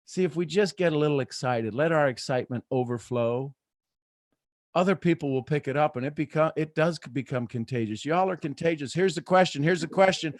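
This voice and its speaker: Male motivational host, high voice, preachy, big swings in energy, dry booth sound. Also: a little fast, no room sound. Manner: preachy, swings between soft asides and loud excited bursts. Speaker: host of a live morning motivational show.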